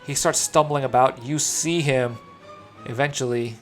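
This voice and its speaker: A man acting as dungeon master, narrating combat and fighting with the game software. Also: medium pitch, fairly even intonation, a little slow. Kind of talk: running a tabletop game online. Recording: clear background music.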